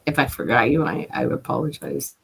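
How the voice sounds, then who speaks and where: A woman's voice: very deep voice, fairly quick, gravelly, fairly bright tone, husky, poor audio. A woman hosting a casual livestream chat from home, rambling, swearing and laughing a lot. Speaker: livestream host. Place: at home, seated.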